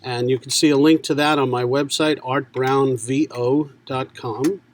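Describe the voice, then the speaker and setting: A man's voice: mid-range voice, fairly even intonation, a little slow, slight background noise. A man from New York, a guest voice actor chatting casually on a podcast and cracking jokes. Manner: wisecracking, laughs often.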